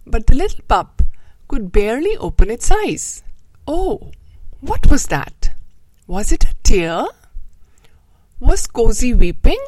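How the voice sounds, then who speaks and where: Woman host reading a storybook aloud: slow, lilting, dry close sound. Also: fairly high pitch, dry recording, rough recording. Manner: slow, expressive, gently moralizing. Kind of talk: storybook reading with a moral talk.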